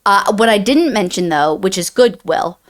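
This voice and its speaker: A woman's voice: medium pitch, expressive, moderate pace. A woman co-hosting a book review podcast, summarizing the plot in casual chat, rambling with many restarts and fillers.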